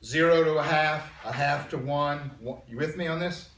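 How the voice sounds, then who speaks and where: A male math teacher lecturing a classroom in a conversational way, often clearing his throat and checking in with his students. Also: fairly high pitch, normal speed, fairly bright tone, a little hiss or hum. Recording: roomy classroom sound from a distance.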